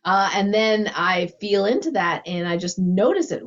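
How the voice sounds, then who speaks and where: A woman's voice: on the low side, moderate pace, lo-fi sound. A woman talking casually and animatedly, often laughing and acting out her inner thoughts. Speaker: guest teacher. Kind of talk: casual conversation.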